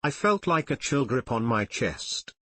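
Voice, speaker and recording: Man reading a novel aloud, measured and somber, middle pitch, dry close mic. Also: big pitch swings, pushed and bright, dry recording. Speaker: audiobook narrator. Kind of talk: scripted narration.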